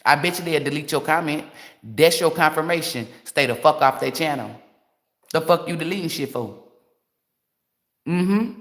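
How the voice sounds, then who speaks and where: A woman's voice: low voice, animated, normal speed, pauses often. A woman tarot reader delivering a blunt, profane, emphatic rant on a livestream.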